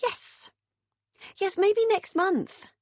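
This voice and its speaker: Picture a young woman with a high, sing-song lilt, eager and a little gushing, as a female audiobook narrator puts her on. Her voice sits well above the narrator's own and rises brightly, and it is recorded dry and close, with no room sound. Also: very slow, no room sound, heavily acted. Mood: hesitant.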